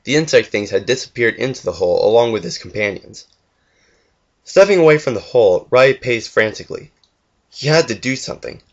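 A man's voice: mid-range voice, lively intonation, brisk. A young man earnestly reading a fan story aloud, with the odd stumble and restart. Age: young adult. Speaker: fanfiction reader. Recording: dull lo-fi home recording.

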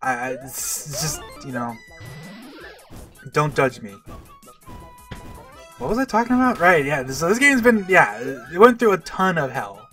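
A man's voice: fairly high pitch, big pitch swings, measured pace, long pauses, sharp tone. A young man from Canada giving casual, rambling commentary over a game, full of fillers and restarts. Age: young adult. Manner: rambling, self-deprecating, many fillers and restarts. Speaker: let's play gamer. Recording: distant mic with faint game music.

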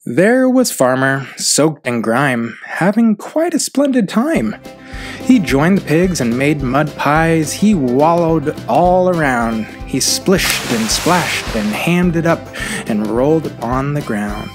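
Man, read-aloud storybook narration, rhythmic rhyming delivery, very animated pitch, unhurried. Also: music in the background. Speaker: children's book reader.

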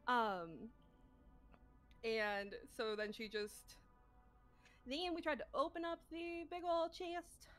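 A woman putting on a shrill, scatterbrained adventurer. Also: level tone, slow, long pauses, a bit bright, soft background music. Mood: rambling. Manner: rambling, forgetful, blunt, swears casually. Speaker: player recapping in character. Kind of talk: in-character session recap.

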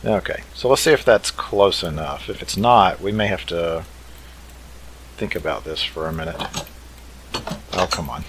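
A man's voice: low-pitched, measured pace, long pauses, noisy background. A man hosting a let's play, thinking aloud in an easygoing way as he builds. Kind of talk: casual game commentary.

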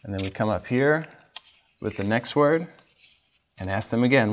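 A man's voice: mid-range voice, animated, moderate pace, slight background noise. A man teaching a literacy training session, patiently demonstrating each step for teachers. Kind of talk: instructional training talk.

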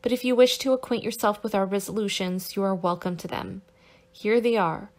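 A calm, confident young man speaks with quiet resolve and a teasing edge, as a woman voices him in an audiobook. His delivery stays level and assured rather than loud. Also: medium pitch, a little fast, close to an everyday voice. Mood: calm, resolute. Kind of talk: audiobook character reading.

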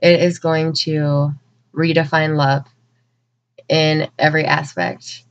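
Woman tarot reader, emotional and unhurried, muffled home-video sound. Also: low-pitched, level tone. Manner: slow, earnest, emotional, with many pauses. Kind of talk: channeled spiritual message to viewers. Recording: dull lo-fi recording.

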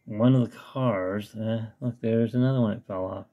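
A hobbyist vlogger talks casually on a webcam in his home hobby room with a model train layout, rambling and talking to himself as he tinkers. His voice is lowish with a dark tone and a moderate pace, and the sound is lo-fi.

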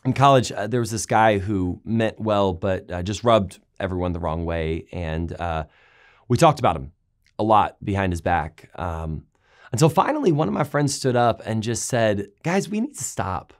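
A pastor preaching a sermon, retelling scripture stories with lively, raised voices for the quoted complaints. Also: male voice, on the low side, moderate pace. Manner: animated storytelling, raising voice for quoted complaints. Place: large church auditorium.

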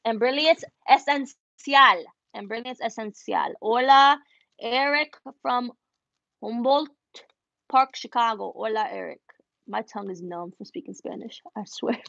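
A woman's voice: fairly high pitch, creaky, fairly bright tone, dry recording, lo-fi sound. A woman who runs an embroidery business, chatting casually as she answers viewer questions and switches between English and Spanish, laughing at herself. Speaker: embroidery business owner answering live chat. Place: home embroidery studio.

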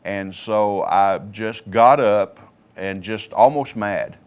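Man, low voice, plainspoken, faith testimony, frequent fillers. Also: clear, resonant tone. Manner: plainspoken, halting, many fillers. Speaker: co-host sharing his recovery testimony. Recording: local cable TV studio.

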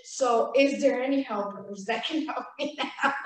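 A woman telling a lively personal story on a casual live stream, acting out her own lines with laughs. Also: a little high, unhurried, reverberant, low-quality recording.

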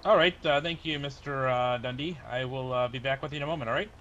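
A man's voice: mid-range voice, quick pace, a bit bright. A man playing a polite sheriff's deputy in a game roleplay, hesitant and full of "uh"s. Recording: dull lo-fi mic with faint noise.

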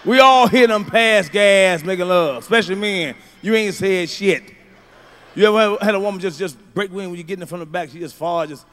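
A middle-aged male stand-up comedian doing a profane routine, swinging from low mutters to loud shouts. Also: normal speed.

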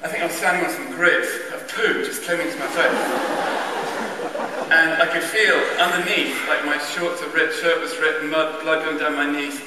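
Man, higher voice, comic storytelling, self-mocking, chuckling, distant mic, big church echo. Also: steady tone, normal speed, noisy background. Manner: wry, self-mocking, chuckling anecdotal delivery. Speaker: speaker at a church carol event. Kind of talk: humorous storytelling to an audience. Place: large church. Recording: distant echoey church recording.

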